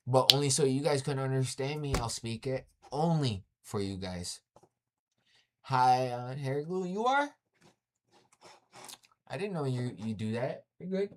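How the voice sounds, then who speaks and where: A man's voice: medium pitch, a bit bright. A man ranting on a casual livestream and answering his chat. He is blunt and profane, throws "yo" into his sentences again and again, and repeats lines for emphasis. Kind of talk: casual rant to live chat.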